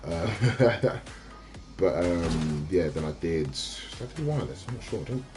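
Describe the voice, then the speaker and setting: A young man from South West talks to his livestream viewers in a loose, slangy ramble. His voice sits very low, and his sentences often break off and restart. Faint radio music plays in the background. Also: animated, a little slow. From South West London. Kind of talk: casual livestream chat.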